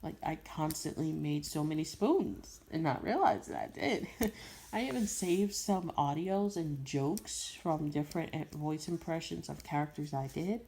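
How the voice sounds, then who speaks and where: A woman's voice: sits low, lively intonation, unhurried, vocal fry, dark tone, slightly rough. A young woman from Brooklyn, telling a rambling casual story full of slang, repetitions and little laughs. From Brooklyn, New York. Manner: rambling, repeats herself, frequent laughs and slang. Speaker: voice impression creator.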